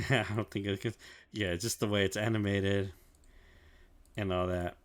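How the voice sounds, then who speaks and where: Chill guy on a podcast, lowish voice, swearing, laughing, lots of um and like, dry mic. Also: steady tone, a little slow, no room sound. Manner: loose and profane, laughs often, many fillers. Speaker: podcast co-host. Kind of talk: casual chat, recapping an anime.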